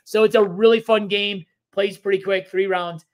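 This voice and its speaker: A man co-hosting a casual board game podcast, explaining rules in a relaxed, rambling way with plenty of fillers. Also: high voice, moderate pace. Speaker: podcast co-host.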